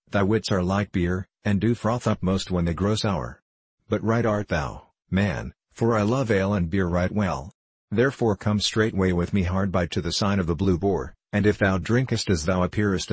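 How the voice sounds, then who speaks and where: A man's voice: low voice, breathy edge, no echo. Robin: a man doing a jovial jesting outlaw. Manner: archaic speech, teasing. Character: jovial witty male outlaw, young adult.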